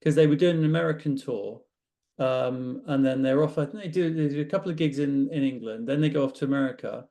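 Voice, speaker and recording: A man hosting a podcast, chatting casually and excitably, with eager interjections and casual swearing. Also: mid-range voice, fast, creaky. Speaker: podcast host.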